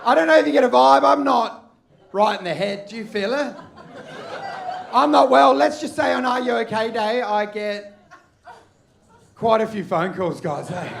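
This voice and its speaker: An Australian man doing dark, aggressive stand-up with shouted punchlines to a live crowd. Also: very high-pitched, animated, normal speed, creaky, long pauses. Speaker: stand-up comedian. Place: comedy club stage with laughing audience.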